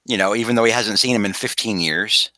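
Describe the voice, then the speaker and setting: Male podcast host, bright and forward tone, dry close recording, rambling animated comic recap. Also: lowish voice, fast talker, no room sound, rough recording. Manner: rambling, animated, slips into quoted voices. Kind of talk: casual comic book recap.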